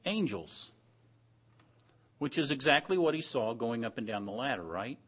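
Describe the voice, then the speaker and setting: A Bible study teacher leads an interactive class, putting questions to the group, repeating back their answers, and adding some dry humor. His medium-pitched voice is sing-song and fairly bright with a breathy edge, delivered at a moderate pace.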